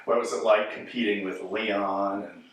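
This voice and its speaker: Soft-spoken man in a very echoey room. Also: fairly low pitch, steady tone, normal speed. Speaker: interviewer. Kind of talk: oral history interview questions.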